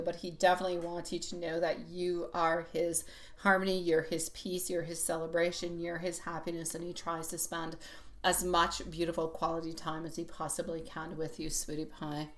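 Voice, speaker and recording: A woman giving a live-streamed tarot reading, chatty and rambling, often laughing as she talks. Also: fairly low pitch. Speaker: tarot reader.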